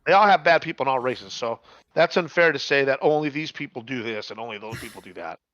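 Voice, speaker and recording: A middle-aged man telling a story in casual chat, animated, repeating words and swearing freely. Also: medium pitch, fast talker, dry recording, muffled recording.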